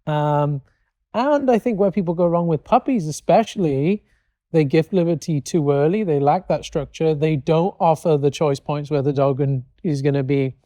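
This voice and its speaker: A man's voice: fairly high pitch, moderate pace, mellow, dry recording, clean studio sound. A man hosting a casual talk on dog training, thoughtful and rambling with fillers. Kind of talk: casual conversation.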